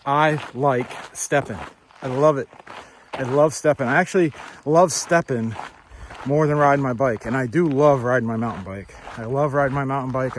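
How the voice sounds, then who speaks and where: A man of medium pitch talks to a handheld phone while hiking outdoors. He is upbeat and repetitive, laughing often and sometimes huffing on uphill stretches. Faint background noise sits under his voice. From New Hampshire, USA. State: out of breath while walking uphill. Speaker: hiking vlogger. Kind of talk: casual outdoor vlog. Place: outdoors on hilly rural roads and hilltops. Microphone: handheld phone camera.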